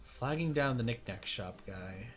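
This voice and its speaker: A man's voice: mid-range voice, lively intonation, measured pace, over music. A man streaming a visual novel, reading its narration aloud with jokey asides and casual commentary.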